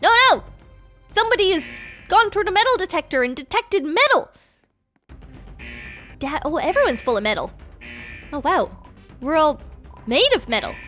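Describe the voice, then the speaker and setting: A young adult woman narrating a game story in an excitable way, full of gasps. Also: high-pitched, normal speed, pauses often, faint music behind. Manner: excitable, gasping.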